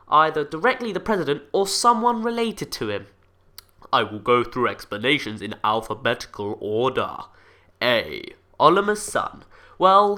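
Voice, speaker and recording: A man hosting a casual video, talking through fan theories with jokey asides that drop into low mumbles. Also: pushed and bright. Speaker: video host.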